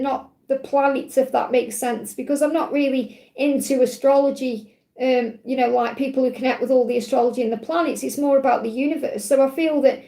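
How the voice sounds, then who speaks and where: A woman's voice: high voice, mellow, roomy sound. A woman hosting a spiritual live stream, talking in a heartfelt, rambling way with plenty of fillers. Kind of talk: emotional live-stream talk.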